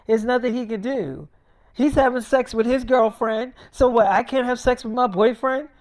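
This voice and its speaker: Brief: woman playing a defiant young werewolf bride, quiet but stubborn. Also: a little high, moderate pace, close to an everyday voice. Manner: stubborn, quieter, talks back.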